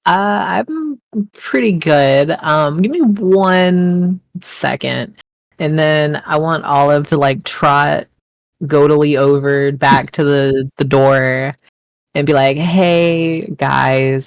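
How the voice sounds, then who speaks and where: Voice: medium pitch, takes it slowly, dry recording. A player in a tabletop game describing her character's actions in a hesitant, polite way. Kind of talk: tabletop game role-play over a call.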